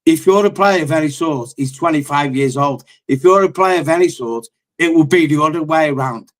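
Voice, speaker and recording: A blunt, foul-mouthed man rants as a fan on a live football panel. His voice sits fairly high for a man, and he tells stories with plenty of swearing. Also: a little fast. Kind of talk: heated fan call-in rant.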